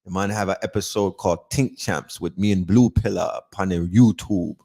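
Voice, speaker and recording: A man's voice: deep voice, fairly even intonation, moderate pace, vocal fry, warm tone. Man putting on a laid-back rasta persona in mock patois. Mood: boastful.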